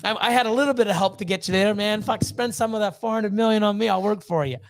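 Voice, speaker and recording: A man's voice: high voice, quick pace. A man hosting a livestream, ranting bluntly with heavy swearing and fired-up motivational talk. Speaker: snake breeder hosting a livestream. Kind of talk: livestream rant.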